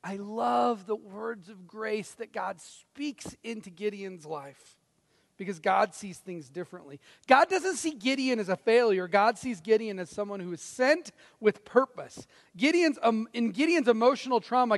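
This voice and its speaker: A man preaching a sermon as pastor, dramatic, swinging from loud to hushed. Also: very high voice, expressive, moderate pace. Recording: reverberant hall.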